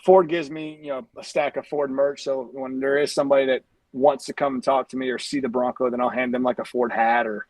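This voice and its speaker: A man's voice: mid-range voice, flat delivery, fairly quick, few pauses, darkish tone, no echo. A man speaking as a podcast guest in casual chat, rambling with plenty of fillers. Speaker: guest, brand ambassador. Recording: dry sound, a bit far from the mic.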